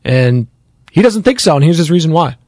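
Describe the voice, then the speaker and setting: Animated male sports radio host, dry studio. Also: a little high, fairly quick, dry recording. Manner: animated, blunt and conversational, reads viewer comments. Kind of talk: pregame radio show commentary.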